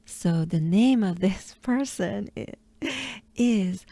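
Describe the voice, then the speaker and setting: Slow, mellow-voiced French woman coaching pronunciation. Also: medium pitch, no room sound. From France. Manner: slow, repeats each sound several times, drops to whispers. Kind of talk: pronunciation lesson.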